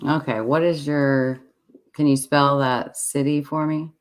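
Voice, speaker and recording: A host chatting on a home livestream, easygoing and a little halting, thinking aloud as they talk. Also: mid-range voice, little pitch movement. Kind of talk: casual livestream chat. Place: home with many devices running.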